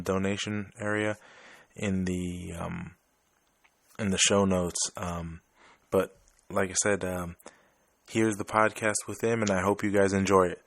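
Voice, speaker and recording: A low-voiced man from Chicago, USA, hosts a podcast, heard on a dry recording. He talks in an easygoing, rambling way, telling stories casually.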